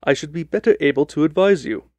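A man's voice: fairly high pitch, fast talker, a little mellow, no echo, natural voice. A man voicing a cool, languid male detective in a radio drama, speaking in a dry, clipped, understated way.

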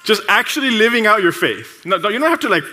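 A man preaching a sermon in a lively, conversational way, laughing often and acting out short exchanges with coworkers. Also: high-pitched. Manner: acts out coworkers' voices in quick asides. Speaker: pastor.

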